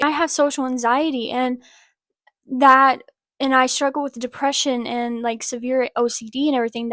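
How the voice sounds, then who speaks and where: A woman vlogger talks straight to her viewers in a casual, heartfelt update, her voice sitting a little on the high side. She rambles warmly and earnestly, sprinkling in "like" as she goes. The sound is close and dry, with no room around it. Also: no room sound. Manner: earnest and encouraging, rambling with many "like" fillers. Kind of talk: casual personal update to camera.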